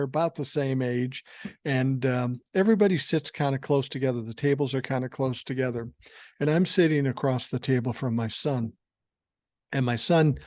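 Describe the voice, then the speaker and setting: A Minnesota man in his sixties hosts a podcast, telling family stories in a blunt, wry, profane style. His mid-range voice has a darkish tone, recorded dry and clean on a podcast microphone in studio conditions.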